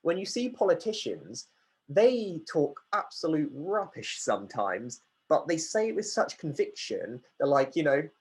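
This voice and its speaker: A man's voice: on the high side, sing-song, a little slow, slightly rough. A man running an online workshop, chatty, reading out questions from the chat and answering them. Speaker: workshop facilitator.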